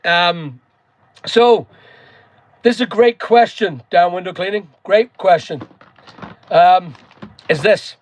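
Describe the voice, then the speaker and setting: A man's voice: high-pitched, takes it slowly, pauses often, no echo. A man from Northern Ireland with a Northern Irish accent, hosting a casual live chat, rambling and greeting viewers by name. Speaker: live stream host.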